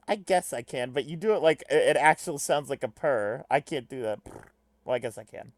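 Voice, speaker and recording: A woman streamer reading a webcomic aloud, chatting in a giggly, lively and self-deprecating way. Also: a bass voice, a little fast, no echo. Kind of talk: casual chat on a live stream.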